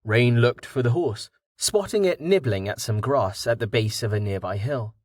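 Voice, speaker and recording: The clip is scripted audiobook narration by a man of medium pitch who reads in a measured, expressive manner. It has a dry, clean studio sound.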